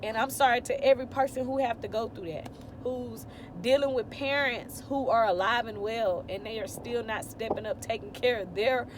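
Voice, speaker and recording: A woman's voice: a little high, normal speed, a little hiss or hum. A woman in her thirties, teary and heartfelt, giving a rambling faith testimony to her viewers from her car. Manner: heartfelt, tearful, rambling with many fillers. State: teary, on the verge of crying. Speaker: vlogger.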